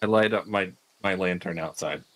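A man's voice: low voice, moderate pace, fairly bright tone, no echo. A man playing a tabletop game, talking in brief, matter-of-fact remarks. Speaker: player. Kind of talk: casual tabletop game play.

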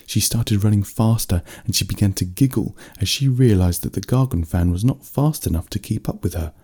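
A man narrating a bedtime story in a steady, unhurried reading voice. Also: lowish voice, slightly rough.

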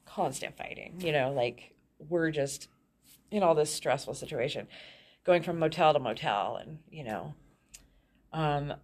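A woman with a low voice tells her own story as a guest, frank and unguarded. She slips small laughs into her sentences even while describing hard times. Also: unhurried. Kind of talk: candid personal storytelling.

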